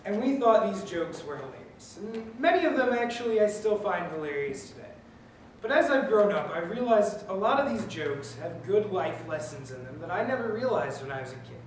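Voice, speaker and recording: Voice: mid-range voice, very animated, moderate pace. Young adult giving an earnest speech, echoey. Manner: earnest, tells a joke then urges the listeners. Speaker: speaker addressing pool staff. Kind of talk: prepared persuasive speech. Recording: echoey room, from far off, faint noise.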